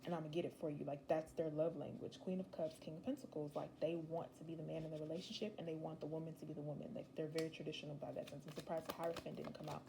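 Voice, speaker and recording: A woman's voice: low-pitched, little pitch movement, rapid-fire, gravelly, few pauses, noisy background. A young woman giving a casual, rambling tarot reading, chatty and slangy with emphatic asides. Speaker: tarot reader.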